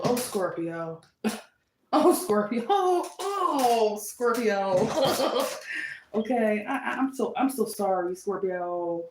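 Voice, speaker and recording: A woman's voice: mid-range voice, roomy sound, noisy background. A woman giving a casual tarot reading in a playful, dramatic way, laughing often. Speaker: tarot reader.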